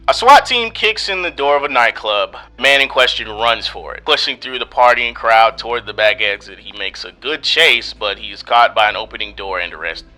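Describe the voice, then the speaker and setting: Bright-voiced, exasperated male reviewer. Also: lowish voice, poor audio. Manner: exasperated, sarcastic, rhetorical questions. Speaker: host and reviewer. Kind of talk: scripted review commentary.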